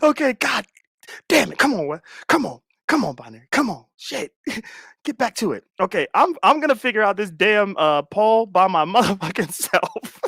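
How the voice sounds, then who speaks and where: A man in his thirties running a casual livestream from a close desk mic, his voice pitched high and swinging widely as he laughs through nearly every line. The sound is dry and close, with no room around it. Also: moderate pace, vocal fry, husky, dry recording. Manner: laughs constantly, loud and animated. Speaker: livestream host.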